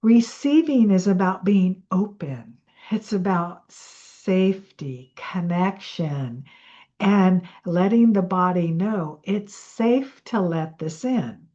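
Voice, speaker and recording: A woman coach with a mellow, soft-edged voice talks at an unhurried, drawn-out pace. She rambles a bit and corrects herself as she teaches and guides listeners through slow breathing. The recording is slightly muffled. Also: on the low side, expressive. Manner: chatty and rambling, with self-corrections. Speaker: money mindset coach.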